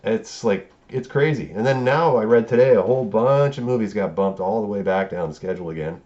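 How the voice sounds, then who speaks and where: A man's voice: lowish voice, brisk, a little mellow, dull audio. A man giving a rambling, profane, casual film review, acting out the characters' lines as he goes.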